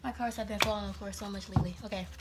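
A woman's voice: mid-range voice, fairly even intonation, rapid-fire, over loud music. Woman, tarot reader, casual rambling monologue, a bit out of breath, laughs a lot. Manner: chatty and rambling, laughs often.

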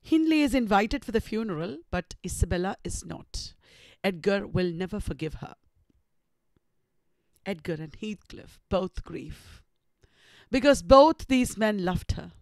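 Indian english woman teaching literature, slow and steady, dead dry sound. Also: medium pitch, vocal fry, no room sound. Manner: slow deliberate retelling. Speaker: literature lecturer. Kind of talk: recorded lecture.

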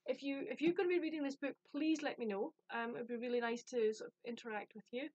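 A woman's voice: sits high, fairly even intonation, fast talker, darkish tone, no room sound, dull audio. A woman from the UK chatting casually about a book she received, rambling and self-deprecating. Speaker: book vlogger. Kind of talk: casual chat.

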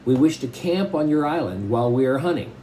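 A blunt sea captain bargaining hard for his share, as a man reads his lines aloud from a storybook. The voice is mellow and warm, with a faint hiss behind it. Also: medium pitch, lively intonation, fairly quick, close to an everyday voice, low-quality recording. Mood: demanding.

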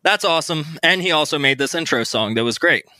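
A man's voice: on the high side, lively intonation, brisk, sharp tone, no room sound. A man hosting a casual podcast chat, playful and laughing often, recorded remotely. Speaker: podcast host. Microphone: remote recording mic.

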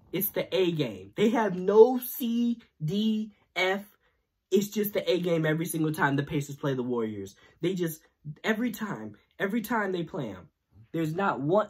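A man hosting a sports video channel, ranting in a casual, irritated way after a loss, jumping between loud outbursts and low muttering. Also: very animated, unhurried, breathy edge. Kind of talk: casual post-game rant.

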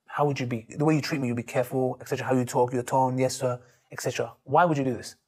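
Man, fast and animated storyteller, husky tone. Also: medium pitch. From Turkey. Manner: animated, quotes others in lively voices. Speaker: street preacher and YouTuber. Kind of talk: storytelling interview answers.

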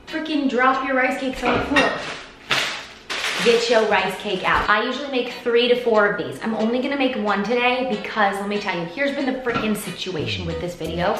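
A woman's voice: mid-range voice, fairly quick, background noise. A woman vlogger chatting playfully through a cooking demo, bubbly and full of slang, at home in her kitchen. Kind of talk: casual cooking demo chat. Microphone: vlog camera. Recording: roomy kitchen echo, faint music.

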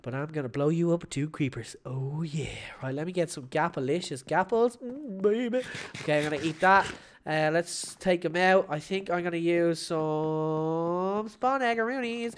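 A woman hosting her gaming channel, giving live gameplay commentary in an excitable, playful way, shouting at big moments. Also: lowish voice, normal speed.

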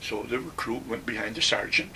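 An older man from Western New York, a WWII veteran, telling his stories in a recorded oral history, animated and acting out the voices of others. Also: mid-range voice, fairly quick, far from the mic, slight background noise. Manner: animated storyteller, acts out quotes, chuckles.

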